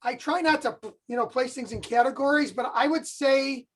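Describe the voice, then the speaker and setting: Husky, measured male guest. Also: very high voice, a bit bright. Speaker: podcast guest and author. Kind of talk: casual chat.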